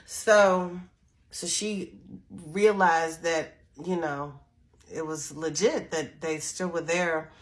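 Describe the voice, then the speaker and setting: A woman's voice: lowish voice, steady tone, slow pace. A middle-aged woman casually telling a personal story to camera, chatty and full of restarts. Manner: chatty, repetitive restarts, acts out quoted voices softly. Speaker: spiritual storyteller and channel host.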